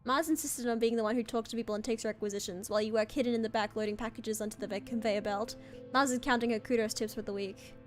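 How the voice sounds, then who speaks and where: A woman streamer reading a story game's text aloud and chatting along in a lively way. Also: a little high, fast talker, soft background music.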